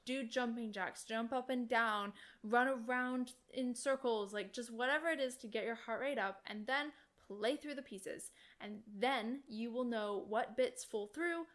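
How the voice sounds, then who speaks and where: A woman's voice: fairly high pitch, a bit bright. A young adult woman and oboe student, hosting a casual advice podcast in a chatty, enthusiastic way. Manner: chatty and enthusiastic, full of "like" and "literally".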